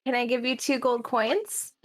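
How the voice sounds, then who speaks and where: A woman speaks as her character in a tabletop game, pushing and bargaining hard for what she wants. Her voice sits high. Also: normal speed. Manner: pushy, bargaining. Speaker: player.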